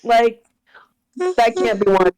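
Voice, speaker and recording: A woman chats casually with friends on a live stream, playful and teasing. Her voice sits somewhat high and she laughs easily. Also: sing-song, slow pace, darkish tone, rough recording.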